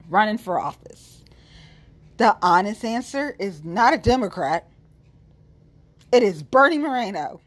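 A woman's voice: mid-range voice, husky. A woman giving a casual, profane, sassy monologue about local politics straight to her viewers. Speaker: political commentator. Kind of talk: casual unscripted monologue to followers.

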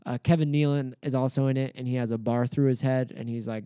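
A man co-hosting a podcast recaps comedy sketches with amusement, rambling through casual chat full of fillers. His mid-range voice is steady, fairly quick, warm, clear and resonant. The audio is clean studio sound without echo.

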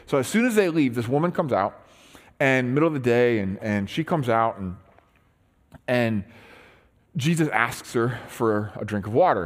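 A man's voice: mid-range voice, normal speed. A man preaching a sermon as pastor, retelling a story in casual, conversational terms with frequent restarts. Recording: long hall reverb.

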